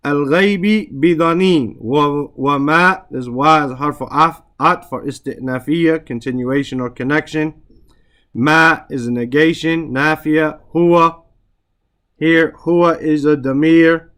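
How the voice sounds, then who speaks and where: Guy walking a class through arabic grammar, voice a bit high, keeps going "right?". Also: a bit bright. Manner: explains step by step, often asking "right?"; mixes English with Arabic grammar terms.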